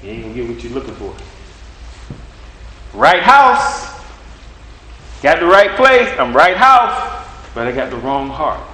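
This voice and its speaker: A man's voice: on the high side, lively intonation, normal speed, bright, forceful tone, slight background noise. Emphatic preacher man in an echoey room. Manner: emphatic, repetitive preaching cadence with rhetorical questions. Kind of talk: sermon.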